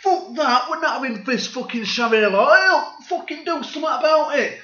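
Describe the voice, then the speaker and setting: A man's voice: very high-pitched, lively intonation, normal speed, bright, forceful tone, voice pushed up, exaggerated voice. A man putting on the voice of an angry, swearing British public. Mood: outraged. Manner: ranting, swearing, indignant. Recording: echoey room, dull lo-fi sound.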